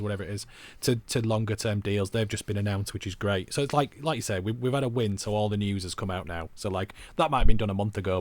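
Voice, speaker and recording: A man's voice: on the low side, no echo. A man co-hosting a football podcast, chatting casually and rambling with self-mocking asides. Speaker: podcast co-host.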